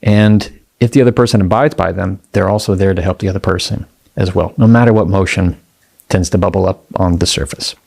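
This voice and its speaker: A man giving a motivational talk on communication, speaking in a calm, measured way and repeating his key phrases. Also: deep voice, creaky.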